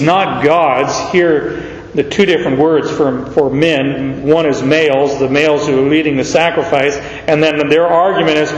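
A man's voice: fairly high pitch, steady tone, normal speed. A man teaching a Bible study verse by verse. He speaks emphatically and raises his voice when he reads quoted verses aloud. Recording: echoey hall, dull lo-fi sound.

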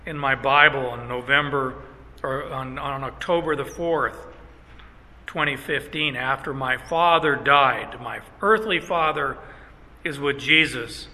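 A middle-aged male pastor preaches with deliberate, emphatic phrasing, leaning hard on key words. His voice is slightly high and very bright, and he speaks slowly. The sound carries the long reverb of a large hall. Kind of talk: sermon.

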